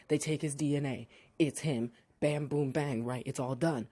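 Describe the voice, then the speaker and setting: Blunt, sarcastic podcast recapper. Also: medium pitch. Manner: blunt, sarcastic asides, heavy swearing; drawn-out, animated voices when quoting characters. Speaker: podcast reviewer recapping a TV episode. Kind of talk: casual profane recap.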